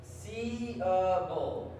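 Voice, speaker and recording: A man doing a live improv guessing game on stage, laughing through halting guesses. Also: high-pitched, warm tone. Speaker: improv performer. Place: live show in a large hall. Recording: echoey hall from far off, noisy.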